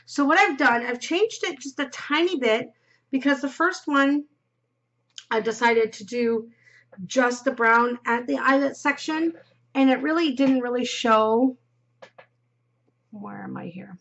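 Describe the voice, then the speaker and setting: Her voice sits high and a bit bright, measured in pace with long pauses. Knitting as she talks, the podcast host rambles casually, giggling, murmuring and yawning from time to time, in a dull lo-fi recording.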